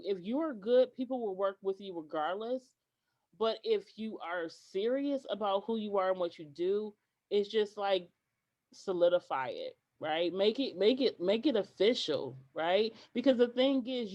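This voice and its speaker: A woman guest on a podcast tells her stories with real animation and acts out the dialogue of the people in them. Her pitch sits in an ordinary middle range, and she stops and restarts her sentences now and then. The recording sounds dull and lo-fi. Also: darkish tone. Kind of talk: podcast interview storytelling.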